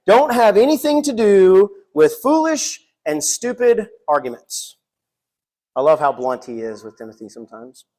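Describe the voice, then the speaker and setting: A man preaching a sermon in a church, earnest and reading scripture aloud. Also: on the high side. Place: church sanctuary.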